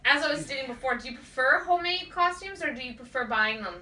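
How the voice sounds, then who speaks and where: A woman co-hosting a casual talk show, making quick, joking quips. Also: sits high, expressive, sharp tone. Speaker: co-host. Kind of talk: casual chat. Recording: roomy echo, mic at a distance.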